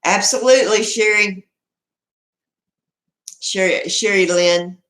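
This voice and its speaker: Texan woman hosting a live chat, unhurried and chatty, echoey room. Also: medium pitch, fairly bright tone. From Texas. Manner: chatty, proud, laughs often, restarts sentences. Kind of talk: casual live chat reading viewer comments.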